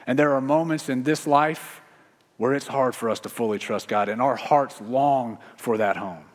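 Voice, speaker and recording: A male pastor preaching a sermon in an earnest, slow way, repeating key phrases. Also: mid-range voice. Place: church sanctuary. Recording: long reverb of a large hall.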